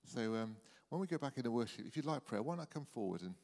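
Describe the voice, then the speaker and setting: A man's voice: mid-range voice, animated, fast talker, gravelly, a little mellow. A man in his sixties preaching an evening sermon in a church, earnest and often repeating words as he speaks. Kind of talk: evening sermon and closing prayer. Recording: church hall reverb.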